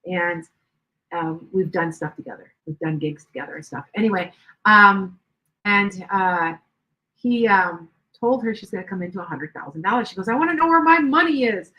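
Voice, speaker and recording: A woman's voice: lowish voice, moderate pace, sharp tone, low-quality recording. Older lady psychic chatting on her live stream, rambly, lots of restarts. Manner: rambling, chatty, with many restarts and asides to viewers. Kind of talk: casual live stream chat.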